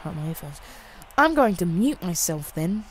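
A woman giving excitable, jokey live commentary over her own gameplay, with bursts of loud exclamations. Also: fairly low pitch, moderate pace, very noisy. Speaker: gaming YouTuber.

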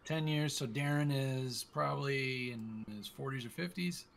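A man's voice: mid-range voice, unhurried, vocal fry, fairly bright tone. A young man playing his character in a tabletop game, crude and joking, with a drawling delivery. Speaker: player. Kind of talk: casual in-character play. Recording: faint background noise.

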